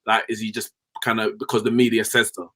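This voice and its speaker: A man's voice: lowish voice, little pitch movement, brisk, fairly bright tone, slightly rough. A man co-hosting a football podcast, laid-back and hesitant in casual chat. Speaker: podcast co-host.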